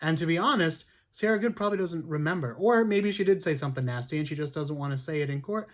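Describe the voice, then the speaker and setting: A man's voice: a little high, quick pace. A man hosting a history podcast, telling a story casually with lots of fillers and restarts. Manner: chatty, many fillers and restarts.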